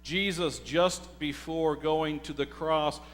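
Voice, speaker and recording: A male pastor preaching a sermon, telling the story slowly and deliberately and putting rhetorical questions to the congregation. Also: on the high side, fairly even intonation. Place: church sanctuary. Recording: hall reverb with faint mains hum.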